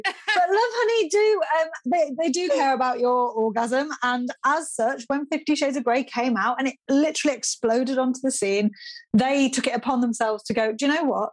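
A chatty woman in her thirties from the UK, a guest on a podcast, laughing easily as she talks. Her voice sits a little high, and the sound is close and dry, with no room echo. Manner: chatty, laughs often, upbeat. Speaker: podcast guest, sex and relationship expert. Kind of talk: casual podcast chat.

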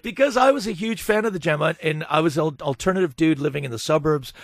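A man from Canada chatting as a guest on a radio show, halting and restarting his sentences often, joking in between. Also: on the high side, no echo, clean studio sound. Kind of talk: casual radio chat. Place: radio studio.

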